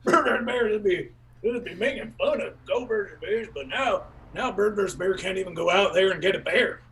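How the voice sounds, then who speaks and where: A high-pitched man performs an absurdist stand-up bit at an open mic, rambling and repeating himself in broken folksy grammar. He halts with fillers and breaks into sudden shouted bursts, heard through a distant mic on a low-quality recording.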